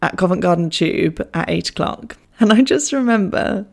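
A woman's voice: on the low side, animated, normal speed, vocal fry. A young woman telling a funny personal story in a chatty, self-mocking way, swearing freely. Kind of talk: casual anecdote.

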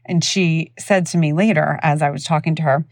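A woman in her thirties hosting a podcast, telling stories in a casual, animated way and acting out other people's voices. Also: low-pitched, brisk, dry recording, studio quality. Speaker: podcast host. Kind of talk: casual storytelling.

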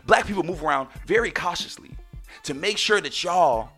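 A man hosting a podcast, telling stories in a casual monologue with loud, excited exclamations, and addressing listeners as "ladies and gentlemen". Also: fairly high pitch, moderate pace, breathy edge, soft background music. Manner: animated storyteller, bursts into loud excited exclamations. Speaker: podcast host.

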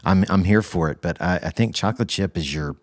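A man's voice: low-pitched, brisk, dry recording, studio quality. A man co-hosting a podcast in laid-back, playful banter. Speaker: podcast co-host. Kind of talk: casual podcast chat.

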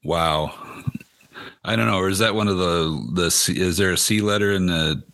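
A man's voice: sits low, moderate pace, fairly bright tone, no room sound, studio quality. A man talking casually as a podcast guest, amused and easygoing. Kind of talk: casual chat on a live stream.

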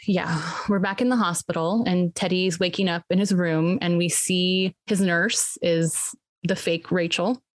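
A woman retells a film scene by scene in a relaxed podcast chat. She voices the characters' lines herself and her pitch jumps up on the dramatic moments. Her voice sits a little low for a woman and sounds dry and close to the mic. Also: unhurried, no room sound. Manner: animated storytelling, acting out quotes with jumps in pitch. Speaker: podcast co-host recapping a film. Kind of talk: casual retelling of a film plot.

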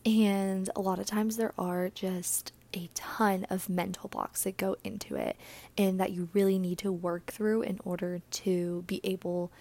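A young woman hosts a casual solo podcast, chatty and earnest, her medium-pitched voice darkish in tone. She sounds a bit out of breath and breathy, and her words often trail off into a whisper.

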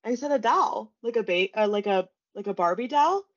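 A woman's voice: mid-range voice, brisk. Chicago-accented woman telling stories, lo-fi. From Chicago area, USA. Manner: swears freely, animated storytelling. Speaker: podcast host. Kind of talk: casual chat. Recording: dull lo-fi audio.

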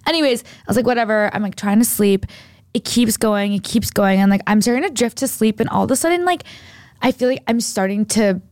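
This young woman's voice leans high and fairly fast as she casually retells a lengthy story on a podcast. She wanders from point to point, packing her speech with "like," and the studio recording has no echo.

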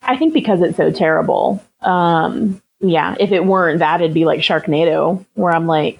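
A woman's voice: on the low side, lively intonation, a little slow, vocal fry, few pauses, darkish tone, poor audio. A young woman co-hosting a podcast, chatting casually with lots of fillers and frequent laughs. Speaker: podcast co-host. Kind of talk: casual chat.

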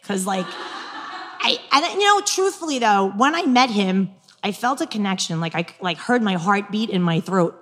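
A woman in her forties speaks with a New York accent, chatty and frank, often laughing and a little crass as she tells stories and coaches. Her voice sits at a middle pitch for a woman, and a long hall reverb trails behind every word. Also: lively intonation, moderate pace, slight background noise. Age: 40s. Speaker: guest speaker on dating and manifestation. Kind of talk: casual storytelling, coaching talk.

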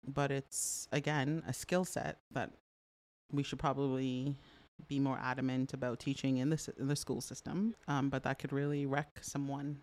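A woman's voice: extremely low pitch, normal speed. A middle-aged woman from Canada chatting as an interview guest, telling stories with lots of fillers and laughs. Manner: animated storyteller, frequent fillers, laughs often. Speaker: podcast guest. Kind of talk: casual interview chat.

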